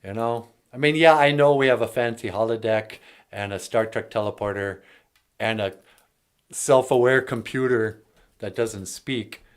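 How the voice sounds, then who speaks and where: Smooth and measured, a man with a mid-range voice runs a laid-back language lesson as its host. He keeps things jokey, drifting from plain talk into playful silliness.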